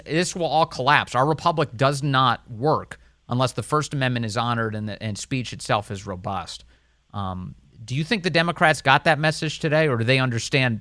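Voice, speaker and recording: A man hosting talk radio, speaking conversationally and pausing with fillers. His voice is bright and forceful. The close studio mic keeps it dry. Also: mid-range voice, dry recording. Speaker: radio talk show host.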